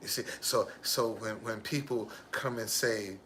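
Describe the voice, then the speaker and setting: Slow, forceful man telling his story. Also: on the low side, slight background noise. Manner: emphatic, repeats key phrases. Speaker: driver. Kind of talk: personal storytelling monologue.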